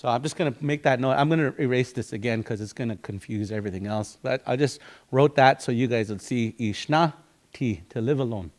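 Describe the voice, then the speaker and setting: A man's voice: medium pitch, a little fast. A man with a Dakota community accent teaching a language and culture class, explaining words one at a time and acting out little quotes as he goes. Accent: Dakota community English.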